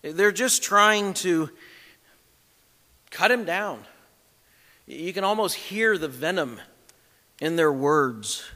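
A man's voice: a little high, lively intonation, takes it slowly, long pauses, bright, forceful tone, big-room sound. A man preaching an expository sermon, emphatic as he reads scripture aloud and explains it.

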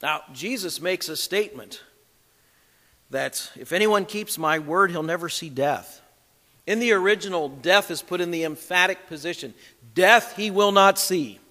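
A man's voice: on the high side, moderate pace, bright, forceful tone, long reverb tail. A man preaching an expository sermon, emphatic as he reads scripture aloud and explains it.

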